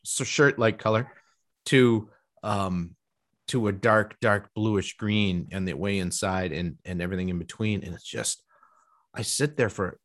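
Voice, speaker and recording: A middle-aged man with a fairly low voice, chatting casually as a host. He talks with eager enthusiasm in long, rambling stretches, often restarting his sentences. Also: fairly bright tone. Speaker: podcast host and professional artist. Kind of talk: casual conversation.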